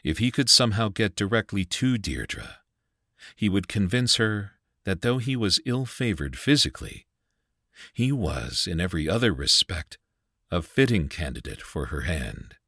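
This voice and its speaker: A man narrating a dark folk tale as scripted audiobook narration, dramatic and measured. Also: deep voice, dry recording, clean studio sound.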